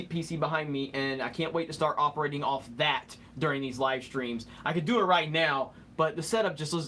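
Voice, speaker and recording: Young male streamer, slightly high voice, rambling and jokey, faint hiss behind. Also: a bit bright. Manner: joking, rambling, fumbles over words. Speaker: live stream host reading chat. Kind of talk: casual live stream chat.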